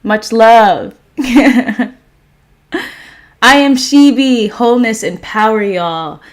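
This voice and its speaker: A woman hosting a spiritual livestream, greeting viewers by name and guiding a meditation with calm, gentle affirmations. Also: a little high, extremely slow. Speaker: livestream host and meditation guide. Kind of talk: casual livestream chat and guided meditation.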